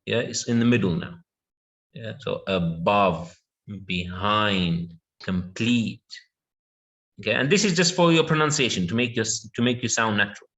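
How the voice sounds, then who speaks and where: A man giving an online English lesson in an everyday mid-range voice. He talks patiently, drawing words out and filling the pauses with yeah and okay while he checks that his students follow. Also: medium pitch, expressive, fairly bright tone. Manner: patient, repeats words slowly with many yeahs and okays. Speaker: English teacher.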